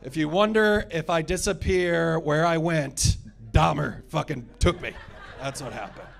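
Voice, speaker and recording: Man in his 30s, stand-up comic, crude and sarcastic, slightly high voice. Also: measured pace, creaky. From United States. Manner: crude, sarcastic crowd work. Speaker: stand-up comedian. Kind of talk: stand-up comedy set.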